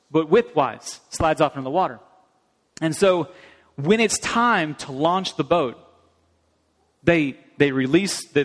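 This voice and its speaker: A middle-aged man, a pastor, telling personal stories in an animated sermon. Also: a little high. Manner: animated storytelling, acts out his mother's voice. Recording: long reverb of a large hall.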